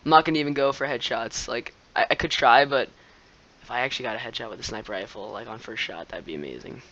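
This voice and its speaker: Excitable young man commenting on a game. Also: medium pitch, fast talker, lo-fi sound. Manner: excitable, laughs often, shouts at opponents. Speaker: gameplay commentator. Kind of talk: live gameplay commentary.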